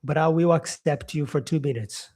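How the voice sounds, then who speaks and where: A man's voice: fairly high pitch, moderate pace, a little mellow, husky. Brazilian man chatting on a live stream. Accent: Brazilian Portuguese. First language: Portuguese. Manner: chatty, reading out viewer comments, frequent fillers. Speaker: English teacher hosting a live stream. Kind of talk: casual live-stream chat.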